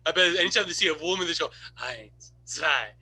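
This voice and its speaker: A man's voice: high-pitched, racing, rough recording. A man co-hosting a casual sports chat, joking and laughing through his points. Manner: lively, jokey, breaks into laughter. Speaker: podcast co-host.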